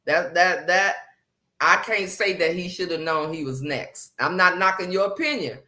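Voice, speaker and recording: A woman hosting a casual live chat, animated and slangy, greeting viewers by name as she talks. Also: fairly low pitch, normal speed. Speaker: livestream host.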